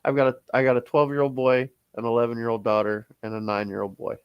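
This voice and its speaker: A man's voice: mid-range voice, little pitch movement, quick pace, smooth, dry recording, highs cut off. A man chatting casually and easygoing on a podcast, agreeing with the others. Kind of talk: casual chat.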